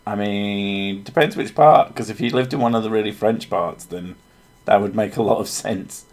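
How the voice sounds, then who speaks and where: A man's voice: fairly low pitch, normal speed, darkish tone. A man from England, joking and swearing in a casual chat as a streamer. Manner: joking, swears freely, slips into silly voices.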